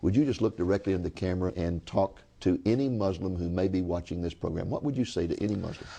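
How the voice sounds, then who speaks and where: A man's voice: deep voice, fast, creaky, warm tone, husky. A man hosting a TV interview program, telling stories and speaking directly to viewers in a folksy way. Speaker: TV host.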